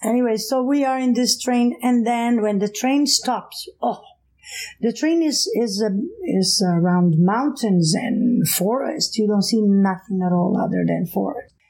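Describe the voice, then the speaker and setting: Middle-aged woman, Portuguese accent, mellow voice, lively, laughs a lot, casual storytelling. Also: medium pitch, measured pace, vocal fry, poor audio. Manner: animated, laughs often, acts out voices. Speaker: guest.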